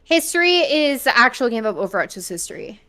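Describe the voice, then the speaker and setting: A woman's voice: a little high, big pitch swings, a little fast, fairly bright tone. A woman hosting a casual gaming quiz, reading out questions and teasing the contestant in a matter-of-fact way. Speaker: quiz host.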